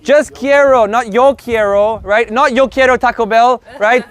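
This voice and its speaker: High-voiced, joking man teaching a class. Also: a little slow. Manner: energetic, joking, profane. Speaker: Spanish teacher. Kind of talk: live group language lesson.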